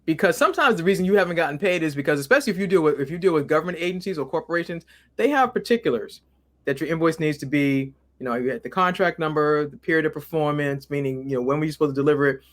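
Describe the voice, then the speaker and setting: A woman's voice: deep voice, rapid-fire. Methodical woman guest listing steps. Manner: methodical, lists steps by number. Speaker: guest author. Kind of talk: interview explanation.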